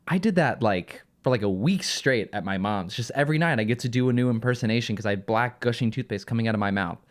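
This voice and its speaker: A man's voice: mid-range voice, fast talker. A man co-hosting a podcast in casual chat, telling stories animatedly and laughing often. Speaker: podcast co-host. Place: podcast studio.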